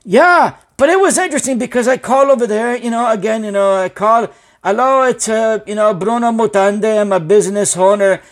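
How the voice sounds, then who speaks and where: A man's voice: sits high, a little fast, natural voice. A man voicing an anxious, rambling male business owner who speaks broken English and swears a lot.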